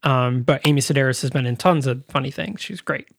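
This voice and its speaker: A man's voice: mid-range voice, fairly quick, vocal fry, no room sound, studio quality. A man co-hosting a podcast, casually recapping a film with lots of fillers and restarts. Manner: rambling, acts out characters' lines in quotes. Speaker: podcast co-host.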